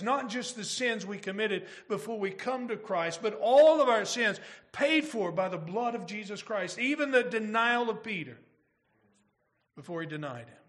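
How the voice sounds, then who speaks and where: Guy preaching a sermon, kinda high voice, asks the congregation lots of questions. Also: a bit bright. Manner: earnest preaching with rhetorical questions. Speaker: pastor.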